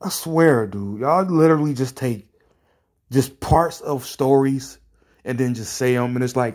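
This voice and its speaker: Exasperated, husky-voiced man ranting. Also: medium pitch, expressive, slow, long pauses, darkish tone. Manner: exasperated, profane, sarcastic. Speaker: commentary streamer. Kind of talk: reacting to comments.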